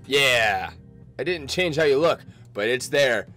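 A man giving casual let's-play commentary, excitable, laughing often and reading game text aloud. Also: mid-range voice, a little slow, soft background music. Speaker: gaming video creator.

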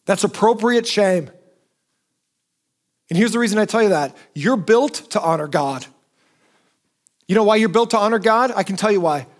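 A male pastor preaching a sermon in a conversational, emphatic way. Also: high voice.

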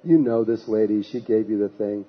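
A man voicing a skeptical, accusing man in his own husky voice while retelling a story. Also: on the low side, normal speed, highs cut off.

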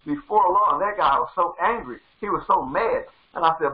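A man's voice: sits high, a little fast, highs cut off. A male pastor preaching a sermon with fervor, driving points home by repeating phrases. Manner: fervent, repeats phrases for emphasis.

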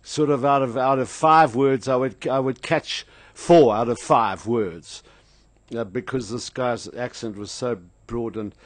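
An older man with a South African accent hosts a radio show from the studio, speaking at medium pitch and a little slowly, with no echo. He tells stories casually and rambles through anecdotes, full of fillers.

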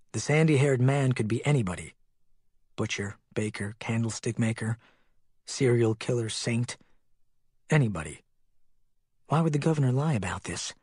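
A man narrating an audiobook in a steady, measured way, close to the mic. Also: medium pitch, breathy edge, no echo.

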